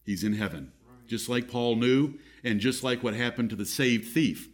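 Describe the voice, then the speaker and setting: A man's voice: medium pitch, normal speed. A man preaching a sermon as pastor in a church, emphatic, his voice rising and falling.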